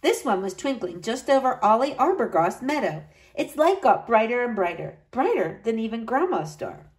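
A woman reading a children's Christmas story aloud, with lively delivery and high excited lines for the children. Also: moderate pace, rough recording. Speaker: storybook narrator. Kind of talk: storybook read-aloud narration.

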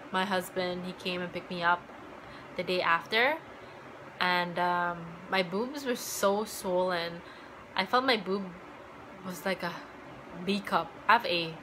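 Young woman, vlogger, bright clear tone, chatty and filler-heavy, faint background hiss. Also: on the low side, rough recording. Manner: chatty, full of "like" fillers, acts out remembered dialogue. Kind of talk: casual personal storytelling.

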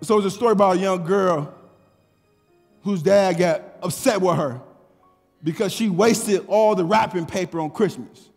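A man preaching a sermon, fervent and stammering, breaking into shouts, recorded in an echoey church. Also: sits high, moderate pace, vocal fry. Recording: echoey church hall with music.

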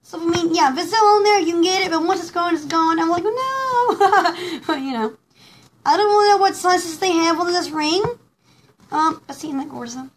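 A woman's voice: very high voice, fairly quick, a little hiss or hum. A woman hosting a casual live pearl jewelry showcase, gushing and giggling, rambling with lots of fillers. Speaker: host showing pearl jewelry.

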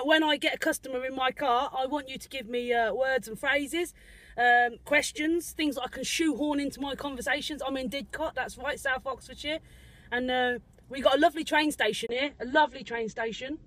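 A woman plays a cheerful male taxi driver with a ginger beard and a shaky put-on South African accent, rambling to viewers on a phone from his parked car. The voice sits high and keeps repeating its greetings in a giggly, improvised comic tone. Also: a bit bright, low-quality recording. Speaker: parody livestreamer. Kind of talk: improvised comic livestream parody. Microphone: phone livestream at arm's length.

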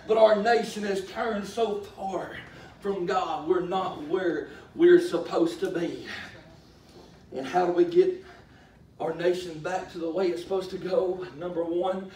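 A middle-aged man preaching a sermon in a folksy way, rising to drawn-out shouts. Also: high voice, steady tone, a little hiss or hum. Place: church sanctuary. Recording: echoey church from far off.

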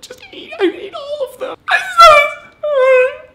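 A man voicing a whiny, over-the-top fake apologizer who wails in a high, squeaky, sob-broken voice for comic parody. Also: measured pace, echoey room. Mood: fake sobbing. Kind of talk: comedic parody.

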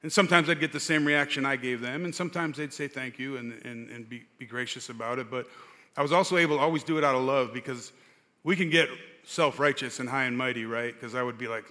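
An older man as guest speaker, telling his personal story with many pauses and fillers on a church stage. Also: mid-range voice, fairly even intonation, sharp tone. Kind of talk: personal testimony in an interview. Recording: church hall reverb.

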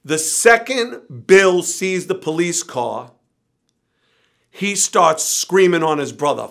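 A man's voice: a little high, expressive, slow, gravelly, fairly bright tone. A middle-aged man telling a wild story as an interview guest, acting out quotes and swearing freely. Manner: vivid anecdote with acted-out quotes and swearing. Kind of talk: animated storytelling.

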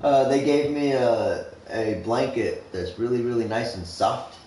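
A man's voice: mid-range voice, a little slow, dark tone. A young man streaming a game, chatting casually in a rambling, swear-heavy way full of fillers. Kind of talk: casual chat while gaming. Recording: echoey room, mic far off, faint noise.

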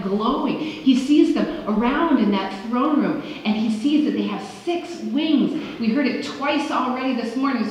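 A woman pastor preaching a sermon in a church, conversational and animated, acting out quotes as she tells the story. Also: on the high side. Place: church sanctuary. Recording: echoey church hall, dull lo-fi sound.

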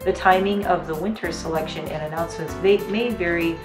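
A woman YouTuber unboxing holiday gifts on her vlog, gushing and gasping with excitement. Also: fairly low pitch, fairly quick, music in the background.

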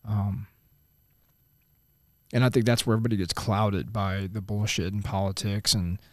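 A man's voice: on the low side, fairly even intonation, normal speed. A man hosting a casual interview, asking earnest, rambling questions. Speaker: podcast host.

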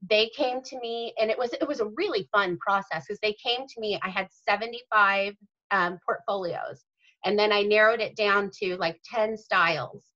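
A woman's voice: mid-range voice, bright, forceful tone. A woman author and mother answering interview questions, explaining things earnestly and in detail. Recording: dull lo-fi audio.

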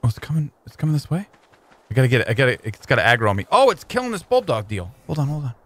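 A young man giving casual let's-play commentary, excitable and playful, chatting with his in-game creatures in slang. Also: medium pitch, rapid-fire. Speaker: gaming YouTuber.

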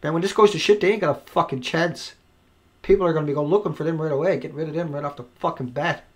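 A man recording an angry, profane rant to camera, swinging between yelling and quiet muttering. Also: fairly high pitch, fast. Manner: profane, shouting and then dropping to quiet. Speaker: video blogger. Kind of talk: angry ranting monologue. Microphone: home recording mic.

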